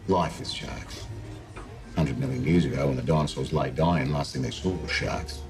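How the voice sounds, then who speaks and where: A man's voice: very deep voice, moderate pace, over music. An actor playing a grim older man giving a brooding monologue in a film clip.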